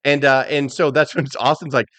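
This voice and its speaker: A middle-aged man co-hosting a casual wrestling podcast, telling animated stories, acting out quotes and swearing freely. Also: medium pitch, normal speed, dry recording. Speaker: podcast co-host.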